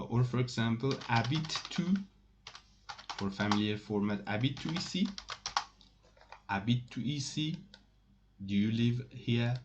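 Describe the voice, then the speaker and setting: Halting male French teacher, dull mic. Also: mid-range voice, darkish tone, slight background noise. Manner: halting, many fillers and self-corrections, repeats example phrases slowly. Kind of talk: screen-recorded language lesson.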